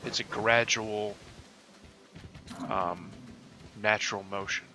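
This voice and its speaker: Young male gaming host, low-pitched, rambling and offhand, throat-clearing, noisy home mic. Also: steady tone, takes it slowly. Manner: rambling, offhand, swears casually, many fillers. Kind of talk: casual gameplay commentary.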